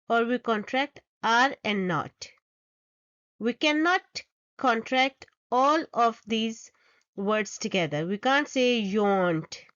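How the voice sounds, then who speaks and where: A woman's voice: a little high, fairly bright tone, no room sound, muffled recording. A woman teaching English grammar, reading example sentences aloud and explaining each step patiently. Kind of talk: slow, deliberate grammar lesson.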